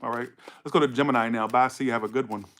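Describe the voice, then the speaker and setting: A man's voice: mid-range voice, steady tone, very fast, a bit bright. A man giving a casual tarot reading to camera, blunt and profane, scolding viewers and repeating himself for emphasis. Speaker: tarot reader.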